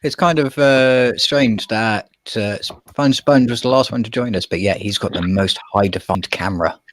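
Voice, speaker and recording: A man's voice: fairly low pitch, moderate pace, fairly bright tone, dry recording. An English man chatting casually online, playful and teasing with a sing-song way of talking. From England. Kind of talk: casual online group chat.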